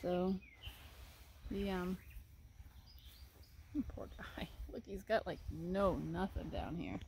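A woman vlogging outdoors in a rural paddock as she tends her horse, talking casually to the phone camera in a soft, chatty way. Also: lowish voice, slow pace, creaky, slight background noise. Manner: chatty, soft-spoken, fond baby talk to the horse. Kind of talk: casual vlog talk to camera. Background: birds and outdoor ambience.

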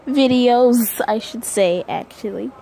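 A woman's voice: on the high side, takes it slowly, gravelly, mellow, slight background noise, rough recording. A woman vlogging casually at home to her viewers, nervous and rambling, close to tears. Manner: nervous and rambling, with many restarts and sighs.

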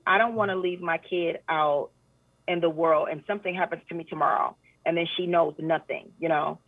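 A woman guest talking earnestly in a casual interview chat, often animated and full of fillers. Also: on the low side, brisk, no echo. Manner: earnest, animated when retelling, many fillers. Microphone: phone call. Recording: tinny phone line.

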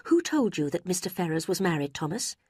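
A woman's voice: lowish voice, big pitch swings, fairly quick, darkish tone, slightly rough, no room sound, studio quality. A woman voicing a caring, protective middle-aged mother with an emphatic, motherly tone.

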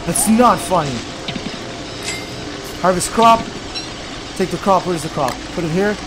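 High-voiced young man narrating his gameplay. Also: expressive, a little slow, music in the background. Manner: talks to himself, bursts into loud exasperated yelps. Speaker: let's play gamer. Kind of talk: casual gameplay commentary.

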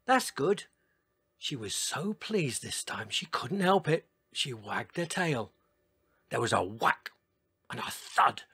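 A man reading a children's storybook aloud in a gentle, expressive way. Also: mid-range voice, takes it slowly, slightly rough, dry recording. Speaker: narrator.

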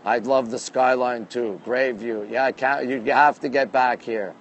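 This livestream host from Canada talks from a rooftop deck outdoors at night, phone in hand, cheerfully going through viewer comments and welcoming viewers by name. His mid-range voice is steady and unhurried, while the recording is muffled with a little hiss or hum.

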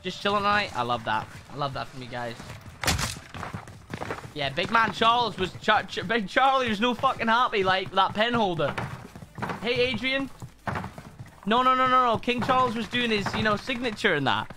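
A man's voice: high voice, lively intonation, moderate pace, long pauses, background noise. A man streaming a video game live, chatting casually with viewers, rambling and swearing a lot. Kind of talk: casual live-stream chat while gaming.

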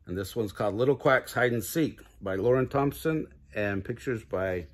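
An older man hosting a children's read-aloud, reading a picture book gently and chuckling along. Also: medium pitch, moderate pace.

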